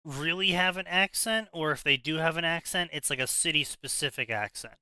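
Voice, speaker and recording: A man talks in a loose, opinionated ramble, restarting his sentences as he goes. His voice is very bright and crisp, and it sits a little high. The sound is close and dry. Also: a little fast, dry recording, low-quality recording. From South Jersey, USA. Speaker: podcast co-host. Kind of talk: casual chat.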